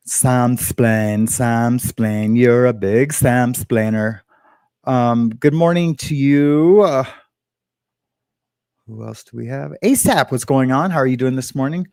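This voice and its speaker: A man's voice: medium pitch, darkish tone, dry recording, clean studio sound. A man hosting a casual livestream, greeting viewers by name in a rambling, filler-heavy way. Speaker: livestream host.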